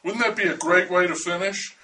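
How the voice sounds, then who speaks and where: Give me a man doing a pushy, sneering male TV reporter, high-voiced and a bit far off. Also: fairly even intonation, brisk, sharp tone, a little hiss or hum. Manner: wheedling and scornful.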